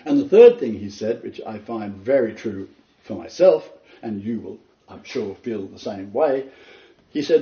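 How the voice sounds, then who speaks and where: Older male preacher, earnest and emphatic lecture delivery, mellow tone, echoey room recording. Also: lively intonation, measured pace. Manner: earnest and emphatic, pitch leaping on stressed words, rambling asides. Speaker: preacher giving a Bible lecture. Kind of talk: informal sermon lecture to a small group. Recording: roomy, distant, dull lo-fi.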